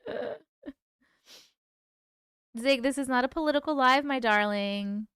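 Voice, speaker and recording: A woman's voice: sits high, fairly even intonation, normal speed, fairly bright tone, no room sound, clean studio sound. A woman hosting a casual livestream, chatting with viewers, reading their comments aloud and laughing often. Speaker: livestream host and author.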